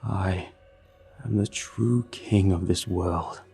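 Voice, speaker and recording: A man voicing a rotting, inhuman monster who speaks in a slow, menacing Texas drawl. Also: sits low, gravelly, mellow, husky, faint music behind, full character voice. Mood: grandiose. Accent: Texas drawl, put on.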